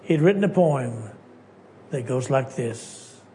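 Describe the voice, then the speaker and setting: A preacher from Texas, telling stories in an emphatic sermon that swings between hushed lines and loud ones. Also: male voice, mid-range voice, animated, slow, a little hiss or hum.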